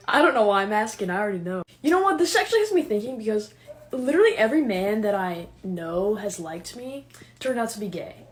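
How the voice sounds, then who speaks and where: Husky-voiced young woman ranting. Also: medium pitch, fairly quick. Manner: animated, sarcastic, breaks into laughter. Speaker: comedic creator. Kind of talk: casual comedic monologue.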